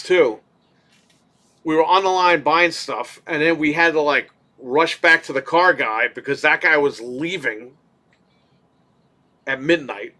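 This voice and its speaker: A man co-hosting a casual podcast, telling a story in an animated way, swearing casually and acting out what people said. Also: on the high side. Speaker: podcast co-host.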